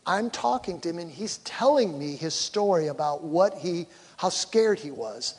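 A man's voice: a little high, expressive, moderate pace, a little mellow, breathy edge. A man, a pastor, giving a conversational sermon in church and acting out quoted voices. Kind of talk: sermon on communication. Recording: long reverb of a hall.

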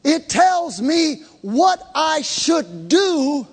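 With a very high-pitched, highly animated voice and drawn-out words, a male pastor preaches emphatically to a live congregation in a church hall. He repeats key words and draws the crowd into call and response, and the recording has the long reverb of a large hall.

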